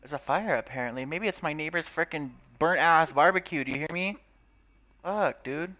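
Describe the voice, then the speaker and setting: A man's voice: fairly high pitch, moderate pace, sharp tone. A young man giving casual, crude commentary while playing a game, swearing, laughing and reading game text aloud. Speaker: gaming YouTuber.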